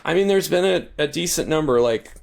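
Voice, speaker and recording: A man being interviewed as a guest author, telling a long story in a casual, animated way with many asides and restarts. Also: brisk, gravelly. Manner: animated, acts out quoted lines with shifting pitch; talkative, frequent restarts and asides.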